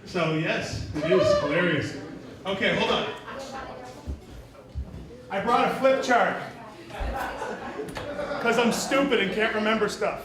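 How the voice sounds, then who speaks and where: A man's voice: high-pitched, slow, pauses often, crowd noise. A man doing a stand-up comedy set in a small bar, profane, rambling and self-mocking. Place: small bar venue, indoors. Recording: echoey room from far off, audience noise.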